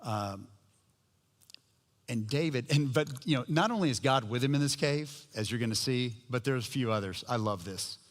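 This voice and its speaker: Man, middle-aged pastor, storytelling sermon, even pitch, long church reverb. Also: moderate pace. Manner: storytelling, conversational with humor. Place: church sanctuary.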